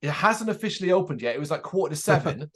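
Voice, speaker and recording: A man co-hosting a casual chat show, telling an animated anecdote and acting out the people in it, swearing freely. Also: fairly high pitch, fast talker. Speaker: podcast co-host.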